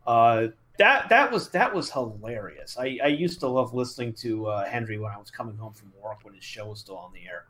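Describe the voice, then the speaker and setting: A man's voice: mid-range voice, lively intonation, brisk, few pauses, fairly bright tone, a little hiss or hum. A man co-hosting a podcast in casual chat, with dry, sardonic remarks. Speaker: podcast co-host.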